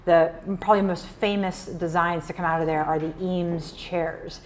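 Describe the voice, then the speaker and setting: A woman's voice: fairly low pitch, steady tone, normal speed, slight background noise. A woman from Nebraska giving a casual, chatty keynote talk at a luncheon. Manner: chatty, uses "like" and "y'all". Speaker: keynote speaker. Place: luncheon event room.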